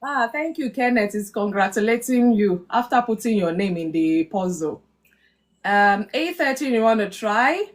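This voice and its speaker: Woman hosting a live chat, playful and teasing, goes warm and prayerful. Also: medium pitch, lively intonation, moderate pace. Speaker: host of a live marriage talk. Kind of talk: casual live-stream chat.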